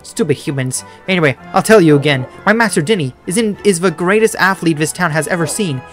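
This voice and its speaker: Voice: medium pitch, lively intonation, a little fast, faint music behind, close to an everyday voice. A gamer voicing a proud, bossy male dog who growls at people. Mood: gruff.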